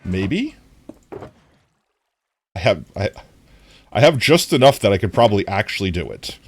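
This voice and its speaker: Lively, low-voiced nasal male streamer. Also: a little slow, slightly rough, no room sound. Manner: chatty, talks to viewers while playing. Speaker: livestreamer. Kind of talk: casual game-stream chat.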